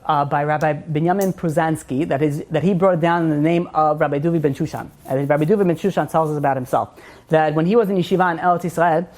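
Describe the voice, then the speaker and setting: A man, a rabbi, giving an informal Torah class as an animated storyteller who fills his talk with "you know". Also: a little high.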